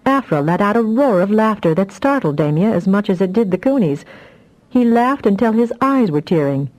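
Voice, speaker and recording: Mellow-voiced woman narrating a fantasy audiobook. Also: mid-range voice, lively intonation, moderate pace, low-quality recording.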